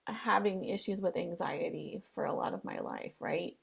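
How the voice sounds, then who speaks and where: A woman's voice: fairly low pitch, moderate pace. A woman co-hosting a casual podcast chat, reflectively talking through her feelings and past experiences. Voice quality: gravelly, husky. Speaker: podcast co-host.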